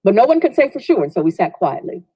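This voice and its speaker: Woman storyteller, mellow tone, dry close sound, reflective, lower pitch. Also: big pitch swings, fast talker, husky, dry recording, poor audio. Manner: reflective, acts out quoted voices. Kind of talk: personal storytelling.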